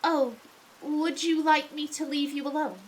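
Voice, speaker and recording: A woman's voice: high-pitched, fairly even intonation, measured pace, a little hiss or hum, low-quality recording. Woman doing a posh, polite young apprentice. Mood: concerned.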